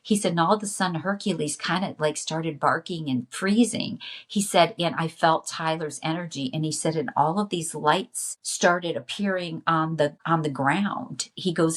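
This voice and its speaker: A woman telling a personal story as a podcast guest, emotional and earnest. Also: deep voice.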